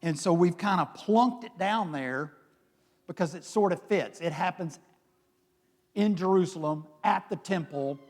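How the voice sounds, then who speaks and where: A pastor with a high-pitched voice delivers a sermon, retelling scripture in a lively, conversational way. His voice carries with a long reverb through the church hall. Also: measured pace. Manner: conversational storytelling, dramatic retelling. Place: church sanctuary.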